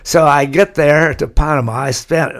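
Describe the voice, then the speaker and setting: A man's voice: fairly high pitch, moderate pace. Older man telling rambling travel stories. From California. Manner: rambling anecdotal storyteller, chuckles. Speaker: guest. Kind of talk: storytelling interview.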